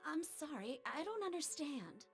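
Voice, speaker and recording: A woman's voice: sits high, big pitch swings, measured pace, faint music behind, exaggerated voice. A woman voicing an earnest, polite teenage girl in a video game, pleading and sincere. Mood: worried. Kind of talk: game voice acting.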